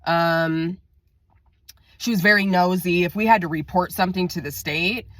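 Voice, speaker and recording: Woman vlogger, lowish voice, chatty venting storytime, dry close mic. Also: moderate pace, a bit bright, dry recording. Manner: chatty, venting, acts out quotes in raised voice. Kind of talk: casual storytime vlog.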